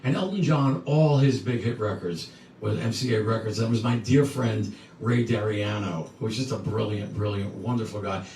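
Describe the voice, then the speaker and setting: A man's voice: fairly low pitch, moderate pace, darkish tone, a little hiss or hum. Rambling older man in an echoey room. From New York area. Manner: rambling, repeats words, laughs through stories. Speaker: singer and co-host. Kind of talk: casual storytelling between songs. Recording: echoey room, mic from a distance, music behind.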